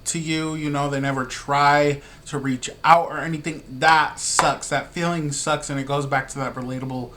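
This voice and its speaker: Excitable man reacting to music. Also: fairly high pitch, normal speed, hardly any pauses, slight background noise. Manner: excitable, slangy, gushing. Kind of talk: casual reaction commentary.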